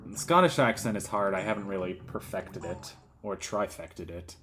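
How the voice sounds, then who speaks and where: A man's voice: low-pitched, steady tone, moderate pace, few pauses, a bit bright, soft background music. A man giving casual gameplay commentary as a let's player, rambling and joking, with silly voices thrown in.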